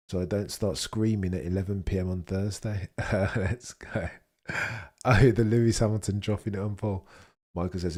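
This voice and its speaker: A young man talks casually on a live stream. His voice sits a little low, and he chats freely as he reads out and answers viewers' messages. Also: mellow. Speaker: livestream host. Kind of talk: casual live watchalong commentary.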